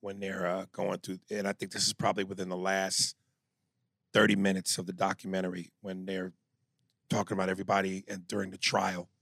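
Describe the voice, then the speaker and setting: Male podcast co-host, gravelly and a bit husky, lively storyteller, dry close mic. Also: low voice, fairly quick, no echo. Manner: animated storyteller, acts out quotes loudly. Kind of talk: casual podcast discussion.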